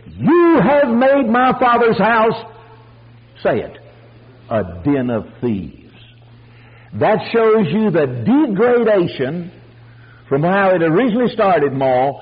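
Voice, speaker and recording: An older man preaching a folksy storytelling sermon, animated and acting out the voices of the people in his stories. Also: on the high side, slightly rough, dull audio. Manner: animated, acts out voices, chuckles.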